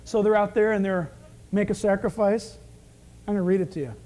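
A man preaching a sermon, animated, acting out the scenes he tells. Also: high voice, brisk. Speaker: pastor.

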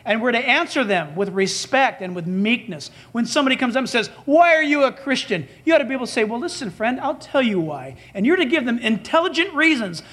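A man's voice: very high-pitched, animated, a little fast, hardly any pauses, a bit bright. A man preaching a sermon as pastor, emphatic and dramatic, acting out the dialogue he quotes.

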